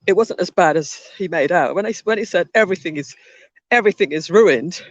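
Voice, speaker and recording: This woman, hosting a livestream, has a voice on the low side and rambles through a story as she walks outdoors in a park, frequently restarting. There's no echo, though the audio is dull.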